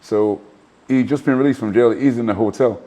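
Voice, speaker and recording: Mellow-voiced man telling stories. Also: mid-range voice, normal speed. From Manchester, England. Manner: animated anecdotes full of asides and restarts. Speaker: guest, former professional boxer. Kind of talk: casual storytelling interview.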